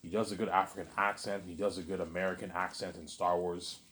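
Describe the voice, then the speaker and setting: A man's voice: sits low, flat delivery, fast, fairly bright tone. A man vlogging a late-night monologue, meandering and repeating himself, restarting sentences and saying "obviously" again and again.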